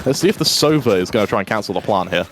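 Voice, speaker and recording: A British man breaks down a live video game match in measured, analytical tones. His voice sits fairly low. Gunshots and game sounds come through clearly behind him. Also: animated. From Britain. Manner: analytical, measured colour commentary. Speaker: esports caster. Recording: noisy stream audio with game sounds.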